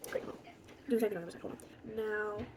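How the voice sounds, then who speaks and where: A woman's voice: mid-range voice, brisk, background noise. A woman chatting casually through a makeup tutorial, rambling and joking to herself. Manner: rambling, talks to herself, jokey. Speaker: beauty vlogger.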